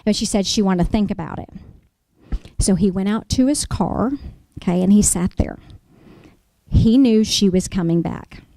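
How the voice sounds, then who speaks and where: A woman's voice: medium pitch, moderate pace, pauses often, warm tone, no echo. A middle-aged woman, a real estate attorney, lectures an audience through cautionary stories and keeps checking in with "okay?".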